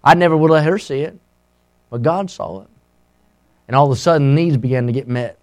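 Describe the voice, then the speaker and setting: A middle-aged man preaching a sermon as a pastor, impassioned and swinging between loud and hushed. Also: a little high, fairly quick.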